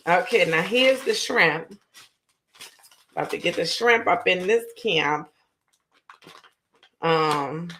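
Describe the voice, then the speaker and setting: With a fairly low, fairly bright voice, a New Orleans-accented woman from Louisiana hosts her own show. She cooks while chatting informally and straight to the people watching.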